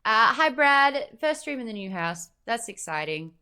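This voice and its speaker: A woman's voice: on the high side, very animated, moderate pace, bright, forceful tone, smooth. A tired Australian woman hosting a book club live stream, chatting playfully and thanking viewers by name. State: tired, sleepy. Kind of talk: casual live stream chat.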